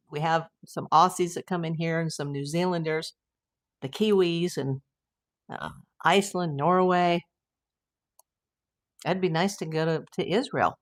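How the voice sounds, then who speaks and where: Chatty older American woman, lowish voice. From United States. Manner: chatty and exclamatory, quick to say wow. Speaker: livestream host reading viewer chat. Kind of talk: casual live chat.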